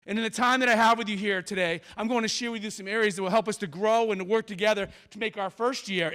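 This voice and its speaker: A man giving an animated motivational talk on a school auditorium stage, telling stories dramatically and acting out the characters. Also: high-pitched. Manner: dramatic, acts out characters, big pauses. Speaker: motivational speaker.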